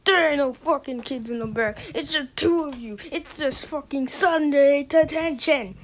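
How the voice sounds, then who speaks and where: Kobieta grająca wściekłą, przeklinającą nauczycielkę. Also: female voice, sits high, normal speed, lightly acted. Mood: raging. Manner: yelling, swearing, threatening.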